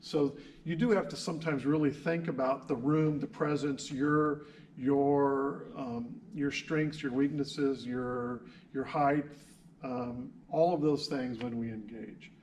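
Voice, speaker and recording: A man's voice: mid-range voice, steady tone, slow pace, darkish tone, recorded from a distance, slight background noise. A man teaching a class through video, interviewing social workers in a friendly, teasing way.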